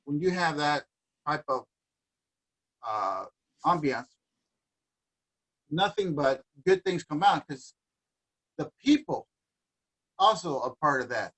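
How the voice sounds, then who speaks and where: A man's voice: on the high side, animated, slow pace, pauses often, fairly bright tone, low-quality recording. A man in casual conversation on a livestream, talking thoughtfully about music and dance and sometimes dropping in Spanish words. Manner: reflective, sprinkles in Spanish words. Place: home livestream.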